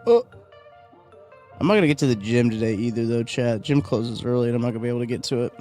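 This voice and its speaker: This livestream host has a mid-range voice with a dark tone and a quick pace, over faint background music. He's chatty and rambling as he works through viewer comments, reacting to the chat and yawning.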